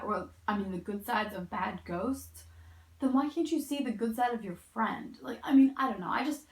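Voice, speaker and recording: Tired woman with vocal fry. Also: fairly high pitch. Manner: rambling and opinionated, heavy use of "like" and "um". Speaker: book reviewer. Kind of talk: casual spoken book review. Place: indoor room, sitting in a chair. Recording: echoey room.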